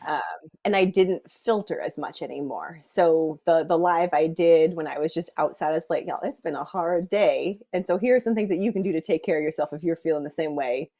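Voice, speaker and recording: A woman with a slightly low voice tells her story in an upbeat, candid way during a video call interview. She laughs easily while she talks. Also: brisk, mellow. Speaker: guest client. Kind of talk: casual interview chat.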